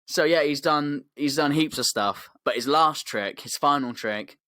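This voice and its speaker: A man's voice: fairly high pitch, measured pace, sharp tone, no room sound, clean studio sound. A man telling a rambling comic story as a podcast host, laddish and slangy. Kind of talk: comedic storytelling.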